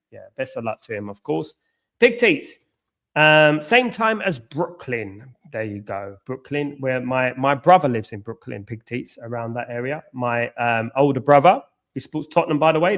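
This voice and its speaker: A man's voice: medium pitch, a bit bright. An English man with an English accent chats casually as host of a live football watchalong. He rambles and restarts sentences often, leaning on ums and repeating the same phrase a few times over. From England. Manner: rambling, repeats himself, many fillers and restarts. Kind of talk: casual live chat reacting to a match and reading comments.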